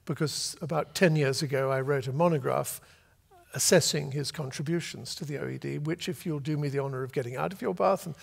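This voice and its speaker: An older man from Britain, an author telling a long, lively anecdote to a festival audience and acting out the voices he quotes. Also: on the high side, a little fast, gravelly, husky, in a large hall. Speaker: author guest. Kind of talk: storytelling at a festival talk. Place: festival venue before an audience.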